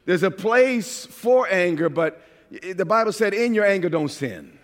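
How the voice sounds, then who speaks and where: A man from New York preaching a sermon as a pastor, animated and at times shouting. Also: high-pitched, a little slow, long reverb tail.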